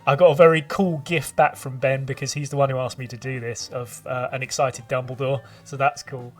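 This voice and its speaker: A man with a brisk, mid-range voice co-hosts a casual tabletop gaming podcast as the game master, a lively storyteller who rambles and laughs a lot. He sounds distant from the mic, with faint music in the background.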